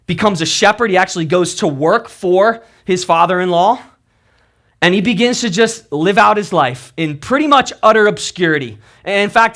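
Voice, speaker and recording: High-voiced, animated preacher man. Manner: storytelling, animated with sudden drops to low intensity. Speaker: pastor. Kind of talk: sermon.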